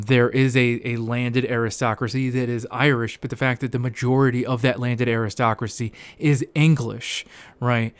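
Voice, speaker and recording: A man's voice: medium pitch, smooth, no echo. A man co-hosting a casual livestream. He talks loosely with lots of fillers and slips into playful exasperation. His voice sits in an average range and sounds dry and close to the mic. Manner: fast filler-heavy talk, laughing and exasperated. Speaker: co-host reading aloud. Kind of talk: casual livestream chat and reading.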